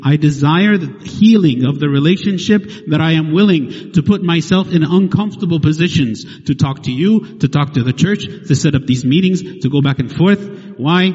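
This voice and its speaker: A man with a fairly high, husky voice preaches to his congregation, pressing each point home with rhetorical questions and a steady "right?". His voice rings through a long-reverb hall on a dull, lo-fi recording. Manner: emphatic, asks rhetorical questions and tags "right?". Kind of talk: sermon.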